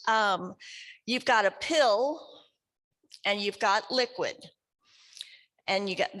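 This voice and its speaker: This woman's voice is a little high with a fairly bright tone. Hailing from West Kentucky, USA, she works as a speech therapist and speaks conversationally to a support group in an educational talk, regularly quizzing the audience.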